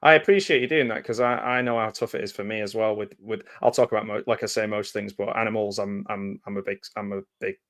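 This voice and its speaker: A man co-hosting a casual live movie commentary, chatty and jokey, quick to laugh. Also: lowish voice, fairly even intonation, fairly bright tone, dry recording, clean studio sound. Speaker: co-host of a live film commentary.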